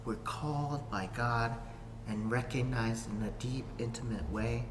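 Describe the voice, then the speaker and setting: A man pastor preaching a sermon to a camera, swinging from hushed whispers to sudden shouts. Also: medium pitch, unhurried. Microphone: facing a camera. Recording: echoey hall, faint room noise.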